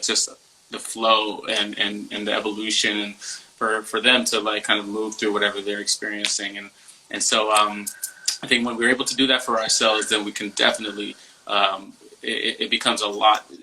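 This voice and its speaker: Bright-voiced man, soft and searching. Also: medium pitch, slight background noise, poor audio. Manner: soft, searching, many fillers and restarts. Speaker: podcast host and coach. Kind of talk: casual reflective conversation.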